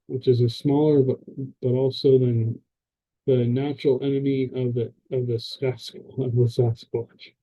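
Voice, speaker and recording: Man, podcast host, casual to camera, husky voice, slightly dull lo-fi sound. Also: mid-range voice. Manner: rambling, hesitant, many fillers and restarts. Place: indoors at a camera.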